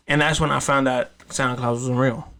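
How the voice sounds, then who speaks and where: A man's voice: medium pitch, fairly even intonation, fairly quick, sharp tone. A man hosting a podcast, telling stories in a loose, profane, rambling way with many restarts. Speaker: podcast host. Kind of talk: casual storytelling chat.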